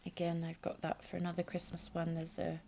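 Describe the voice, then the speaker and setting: A woman hosting a craft tutorial, hesitant with many ums, dropping to soft murmurs as she works with her hands. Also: fairly low pitch, monotone, a little fast, gravelly, a little hiss or hum. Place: home craft space.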